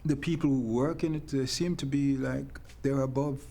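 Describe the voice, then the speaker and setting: Brief: man, mid-pitched and gravelly, thoughtful and measured documentary interviewee. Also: steady tone, mellow.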